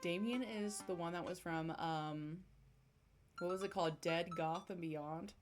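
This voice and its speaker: A young woman playing a dating game on stream speaks in a lowish voice, a touch slow, while acting out the characters' lines. She's animated and giggly, reacting between lines, with music playing behind.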